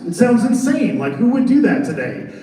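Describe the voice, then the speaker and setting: A man presenting on a convention panel as a haunted attraction designer, telling his story in an animated, joking way. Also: very high voice, moderate pace. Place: large convention center hall. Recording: echoey convention hall from far off.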